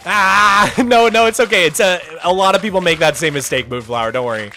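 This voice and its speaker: A young man chatting casually on a live stream, answering viewers as their messages come in. His voice is bright and a touch high. Soft music plays in the background. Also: brisk, hardly any pauses. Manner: chatty, reads chat aloud, loose restarts. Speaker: streamer host. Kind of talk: casual livestream chat.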